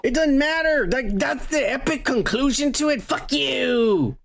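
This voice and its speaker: A man's voice: extremely high pitch, lively intonation, unhurried, gravelly, fairly bright tone, slight background noise. A man hosting a podcast, bantering crudely and teasing his co-host with lots of swearing. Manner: profane, boisterous, teasing.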